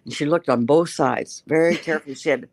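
A woman's voice: low-pitched, fairly quick, a little mellow, no echo. An older woman, a guest writer, telling stories in a chatty, self-mocking way during a casual interview. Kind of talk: casual interview chat, storytelling.

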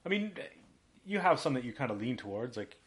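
A man's voice: mid-range voice, big pitch swings, fairly quick, a bit bright. A man co-hosting a podcast in casual chat, a laid-back storyteller who fills his talk with "like". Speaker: podcast co-host, graphic designer.

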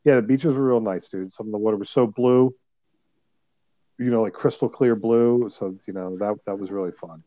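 A man's voice: lowish voice, fairly even intonation, normal speed, mellow, dry recording, lo-fi sound. A man on a casual podcast, rambling through a travel story and laughing as he goes. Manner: rambling, laughing, mimics voices in anecdotes. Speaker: podcast co-host.

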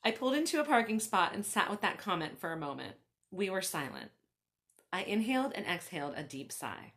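Host and author, woman, reads her own story with a lively pitch, chatty asides. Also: brisk. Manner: animated, laughing asides to listeners.

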